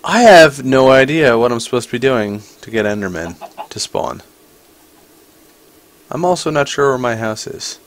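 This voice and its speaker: A man's voice: mid-range voice, lively intonation, normal speed, pauses often. A man casually commenting as he plays a video game, chatty and playful, talking to the creatures on screen. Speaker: gaming channel host. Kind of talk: casual let's-play commentary.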